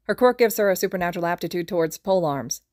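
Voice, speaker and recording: A woman voicing a friendly male teammate giving quick updates in a fan podfic. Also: fairly low pitch, darkish tone, dry recording, clean studio sound, natural voice. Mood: upbeat. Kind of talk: podfic character reading.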